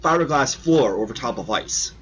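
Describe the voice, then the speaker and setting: A man telling stories with lots of swearing, his pitch swinging up and down as he acts out the moments. The sound is dull and lo-fi, like a home stream recording. He hosts the chat in a loose, casual way. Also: normal speed. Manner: profane, animated storyteller. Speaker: host of a model-building stream.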